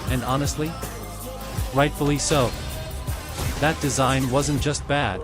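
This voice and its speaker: A man's voice: mid-range voice, steady tone, takes it slowly. Sarcastic man narrating a roast. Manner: sarcastic, mocking roast delivery. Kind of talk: scripted comedic commentary. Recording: loud music bed behind voice.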